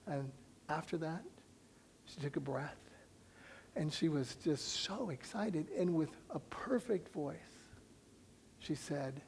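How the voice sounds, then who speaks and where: Male pastor, slightly high gravelly voice, animated storytelling sermon, acts out dialogue and drops to near-whispers. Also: slow, pauses often, slight background noise. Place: church sanctuary.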